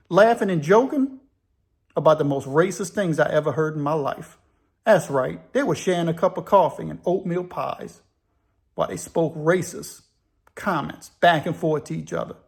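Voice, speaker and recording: A man's voice: sits high, creaky. A man recounts a prison memory in first person. His telling is plain and conversational, and he takes his time over it. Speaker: storyteller.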